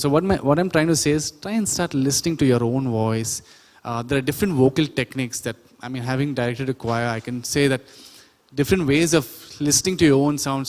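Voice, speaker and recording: Male instructor, chatty classroom lecture, slightly high voice in a hall with a long echo. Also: a little mellow. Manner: chatty, often quizzes the audience. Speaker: sound production instructor.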